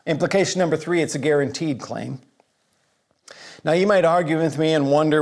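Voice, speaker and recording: A man preaching a sermon in an earnest, measured way, pausing for emphasis. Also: fairly high pitch. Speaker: pastor.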